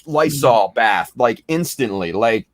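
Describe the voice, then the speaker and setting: A man hosting a casual chat, talking in a rambling, halting way with many fillers. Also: mid-range voice, lively intonation, dry recording. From United States. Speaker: podcast host.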